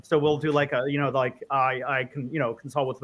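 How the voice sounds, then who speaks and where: Here a man who works as a respiratory therapist chats casually, his medium-pitched voice moving a little fast. Telling stories with lots of energy, he performs the lines of dialogue himself.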